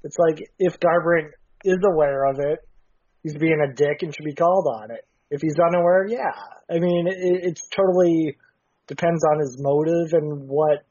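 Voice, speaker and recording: A man hosting a podcast in casual chat, recounting a story in a relaxed way with many fillers. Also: on the high side, normal speed, no echo. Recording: dry dull lo-fi sound.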